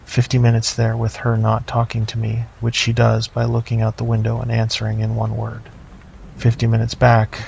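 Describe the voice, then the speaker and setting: Middle-aged male horror narrator, deadpan, low gravelly voice, faint background hiss. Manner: slow, measured, deadpan. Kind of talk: first-person horror narration. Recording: slightly dull lo-fi, faint noise.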